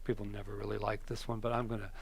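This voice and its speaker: A male minister giving a conversational sermon, telling stories that swing from emphatic to hushed. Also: lowish voice, level tone, fast, gravelly.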